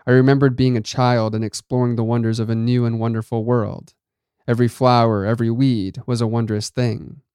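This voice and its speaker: A man reads a first-person story in a measured, dramatic way. His voice is smooth and resonant at a middle pitch. The recording is dry and close. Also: a little mellow, no room sound. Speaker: narrator.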